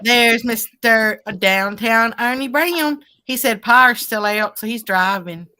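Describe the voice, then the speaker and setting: Woman host reading viewer comments, bright crisp voice, chatty. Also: a little high, takes it slowly. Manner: chatty, greets viewers by name. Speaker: live stream co-host reading chat. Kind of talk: casual chat.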